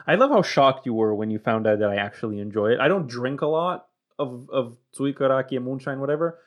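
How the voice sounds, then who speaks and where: Brief: young man, English, middle pitch, casual, rambling talk-show guest. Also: lively intonation, a little fast. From Romania. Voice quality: swears and laughs often while rambling. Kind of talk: casual chat.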